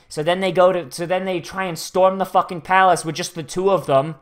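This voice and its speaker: A man's voice: high-pitched, steady tone, brisk, hardly any pauses. Sweary, rambling man recapping anime. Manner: rambling, sweary, frequent restarts. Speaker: anime reaction host. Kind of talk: casual profane commentary.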